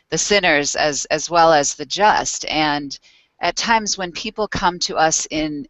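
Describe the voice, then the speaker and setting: A woman panelist with a pastoral studies background, speaking in a measured, academic way and often repeating words, over muffled lo-fi online audio. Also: sits low, a bit bright, no room sound. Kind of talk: panel discussion.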